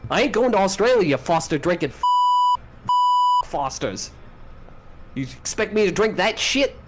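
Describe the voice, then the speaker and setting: An actor playing a cranky, foul-mouthed radio host with a New Zealand accent who keeps saying mate, over loud background noise. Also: male voice, high voice, big pitch swings, normal speed. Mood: outraged. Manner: swears constantly, bleeped, calls everyone mate.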